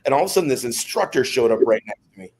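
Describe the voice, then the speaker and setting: A middle-aged American man, a former Navy SEAL guest on a podcast, telling his stories in a relaxed, rambling way. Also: medium pitch, very fast. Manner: relaxed, rambling storyteller with restarts. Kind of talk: storytelling in a podcast interview.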